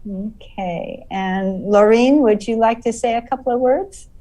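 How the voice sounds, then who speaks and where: A woman hosting an online art awards presentation, announcing each winner in a measured way and checking how names are said. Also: on the high side, dark tone, distant mic, poor audio. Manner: measured, checks name pronunciations. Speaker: host.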